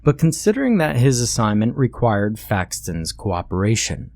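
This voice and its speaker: A man reading a horror story aloud as scripted narration, steady and measured. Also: medium pitch, no room sound.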